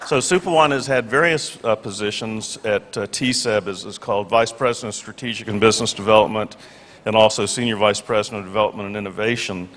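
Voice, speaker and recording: A man's voice: on the low side, a little fast, fairly bright tone, a little hiss or hum. A man moderating a conference panel, talking with many fillers and restarts. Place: large conference hall. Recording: echoey conference hall PA.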